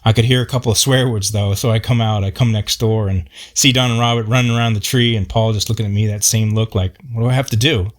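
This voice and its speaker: A man's voice: on the low side, fairly even intonation, quick pace, hardly any pauses. A man telling a personal story in a folksy, plainspoken way.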